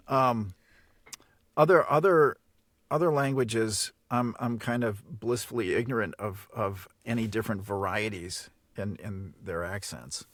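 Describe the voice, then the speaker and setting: A man's voice: fairly low pitch, unhurried, fairly bright tone, no echo. A middle-aged man from the Chicago area, an audiobook narrator, speaking in a standard American accent and chatting casually in an interview, often stumbling and repeating words as he starts sentences. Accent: none; standard American English. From Chicago area, USA.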